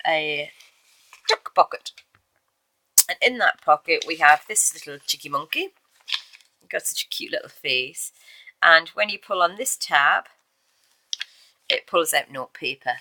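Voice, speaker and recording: A woman casually shows off a handmade journal she made, chatting with fillers and small self-corrections in a show-and-tell video. Her lowish voice sounds pushed and bright, and the dry recording is rough.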